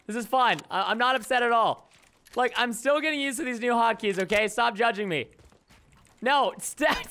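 Animated and very high-pitched, this young gaming YouTuber talks at a moderate pace in a pushed, bright voice. His casual gameplay commentary is chatty and full of mock complaints and playful asides to viewers.

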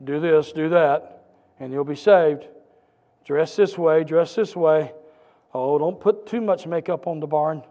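A man preaching a sermon as pastor, with a repetitive, building cadence that rises to shouts. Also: a little high, unhurried, highs cut off. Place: church sanctuary. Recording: church hall reverb.

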